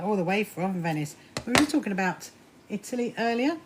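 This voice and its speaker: A woman's voice: mid-range voice, moderate pace, noisy background. A woman hosting a casual sewing live stream from home, chatting with viewers and laughing often.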